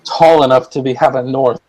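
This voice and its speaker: A man's voice: mid-range voice, fairly even intonation, unhurried, darkish tone, poor audio. A man in casual chat, jokey and teasing, often stopping and restarting his sentences.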